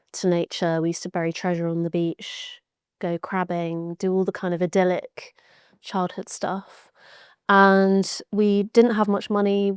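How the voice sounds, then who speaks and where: Smooth-voiced woman telling stories. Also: fairly low pitch, darkish tone, no room sound, clean studio sound. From Devon, England (born in Georgia, USA). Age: young adult. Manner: reflective, chatty storytelling with fillers. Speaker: guest, author and science communicator. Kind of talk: podcast interview.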